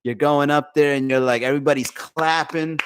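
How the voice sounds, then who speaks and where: Young guy comedian doing a phone livestream, kinda high voice, swears a lot, acts out little voices. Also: normal speed, slight background noise. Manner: animated, swearing, acting out quoted voices. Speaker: comedian and livestream podcast host. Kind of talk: casual livestream chat reading viewer comments. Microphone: phone for live stream.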